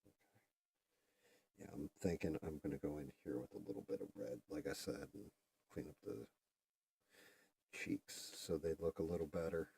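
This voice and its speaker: A man chatting casually and profanely while he paints. He rambles and trails off into quiet muttering. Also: rumbling low, moderate pace, gravelly, pauses often. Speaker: streamer painting a figure. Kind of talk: casual chat while working.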